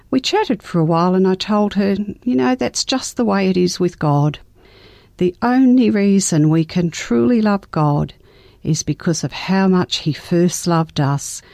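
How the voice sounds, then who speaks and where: An older grandmother telling a true family story in a tender, measured way and reading scripture as a guest on a talk program. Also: fairly low pitch, darkish tone, no echo, clean studio sound.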